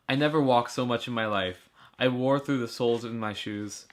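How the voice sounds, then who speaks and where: Man reading a story aloud, lowish. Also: a bit bright. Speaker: student reader. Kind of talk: amateur audiobook reading.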